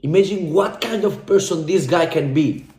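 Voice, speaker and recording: Young man, dark mellow tone, fervent repetitive testimonial, echoey room. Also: on the high side, moderate pace. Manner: intense, profane, repetitive, speaks from the heart. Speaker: coaching client giving a testimonial. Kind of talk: emotional motivational testimonial.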